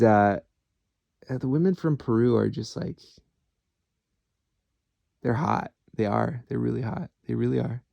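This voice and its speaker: A man's voice: mid-range voice, vocal fry, warm tone, no room sound, dull audio. A man talking alone to the camera in a rambling, candid monologue, swearing freely as he goes. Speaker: vlogger.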